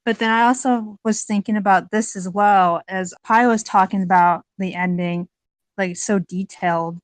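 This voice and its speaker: A woman's voice: medium pitch, steady tone, normal speed, dry recording. A woman on a podcast panel talking in a heartfelt, chatty way, with many filler words. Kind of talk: casual podcast discussion.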